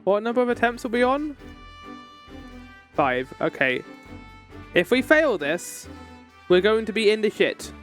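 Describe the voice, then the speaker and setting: A man streaming a game, commenting casually, excitable and swearing, reacting loudly to what happens. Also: sits high, a little slow, pauses often, faint music behind.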